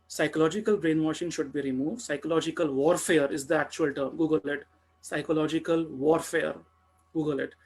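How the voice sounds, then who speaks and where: A young man with an Indian accent speaks on a video-call webinar panel, his voice slightly high and husky. He talks with animated emphasis, repeating key words and mixing Hindi into his English.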